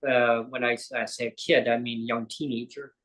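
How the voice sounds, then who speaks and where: A man's voice: mid-range voice, little pitch movement, moderate pace, fairly bright tone, rough recording. A man, a guest on a live interview show, tells a personal story in a rambling way, often correcting himself and acting out quoted dialogue.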